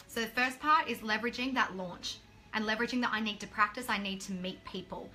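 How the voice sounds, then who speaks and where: Blunt, bright-voiced woman coach. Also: fairly high pitch. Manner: blunt, swears casually, acts out quotes. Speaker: business coach. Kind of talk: motivational talk to camera.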